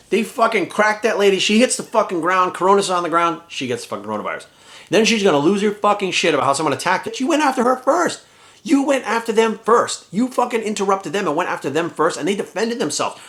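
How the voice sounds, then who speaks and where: A man and fitness vlogger delivering a heated, profane rant to his viewers, swearing often and talking in a rapid-fire rush. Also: sits high, a bit bright. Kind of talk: ranting vlog monologue.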